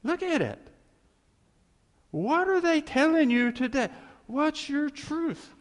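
A man's voice: very high-pitched, sing-song, slow. A man preaching a sermon as a pastor, emphatic and repetitive, with chuckling asides. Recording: echoey hall reverb.

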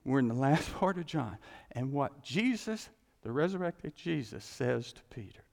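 Animated preacher with gravelly voice. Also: male voice, medium pitch, moderate pace, big-room sound. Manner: animated, folksy, acts out scripture scenes. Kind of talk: sermon.

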